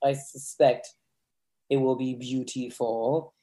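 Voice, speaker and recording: Male podcast guest, playful and camp, mid-pitched, casual chat. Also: flat delivery, slow, warm tone.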